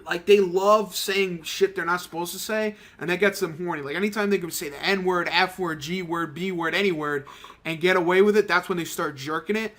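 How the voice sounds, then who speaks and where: A man's voice: sits high, brisk, fairly bright tone. A young man giving casual, rambling, profane commentary over a mobile game he is playing. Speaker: gaming channel host. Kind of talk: casual let's-play commentary.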